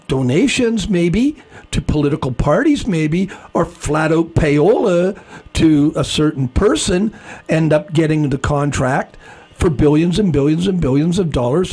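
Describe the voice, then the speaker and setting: Male co-host, husky, slightly high-pitched, indignant rambling chat. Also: darkish tone. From Canada. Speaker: podcast co-host. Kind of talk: casual chat.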